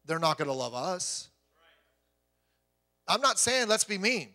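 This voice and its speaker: A bright, high-pitched man in his fifties preaching in a big hall with long reverb. He tells stories with animated voices for the people in them and drops to a hush before rising loud again. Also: unhurried. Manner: animated storytelling, acts out quoted voices, swings from loud to hushed. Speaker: pastor. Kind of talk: sermon.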